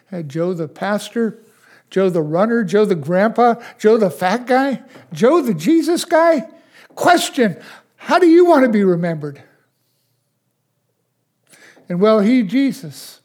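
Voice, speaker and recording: An older man preaching a sermon as pastor, asking his listeners question after question and dropping to a hush at times. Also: very high-pitched. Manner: slow, questioning preacher who swings from loud to hushed.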